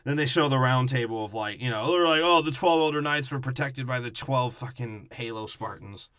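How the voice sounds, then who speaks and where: Bright-voiced man riffing on a movie. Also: mid-range voice, smooth, no room sound, studio quality. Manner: crude, joking, paraphrases scenes in quick mock voices. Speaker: podcast co-host. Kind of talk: casual movie-review chat.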